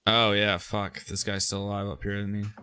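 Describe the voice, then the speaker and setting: A man's voice: on the low side, monotone, brisk, bright, forceful tone, clean tone. A man playing a tabletop game, blunt and dry with an occasional curse. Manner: blunt, swears, dry remarks. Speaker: player. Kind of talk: casual tabletop game talk.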